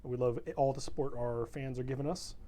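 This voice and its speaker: A man's voice: mid-range voice, level tone, fairly quick, dark tone, a little hiss or hum. A young man in a casual, rambling stream chat, self-deprecating and laid-back, plugging the show between stories. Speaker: show regular.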